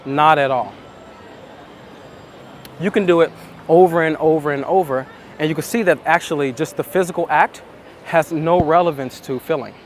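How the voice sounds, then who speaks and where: A man talking as a dating coach, slow and emphatic, repeating his points in a reflective monologue. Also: on the high side, slight background noise.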